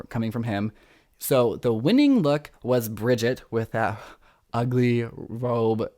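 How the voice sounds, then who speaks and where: An excitable young man hosts a casual podcast recap of reality TV. He talks fast and throws himself into the drama. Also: lowish voice. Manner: excitable, dramatic, acts out quotes. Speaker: podcast host.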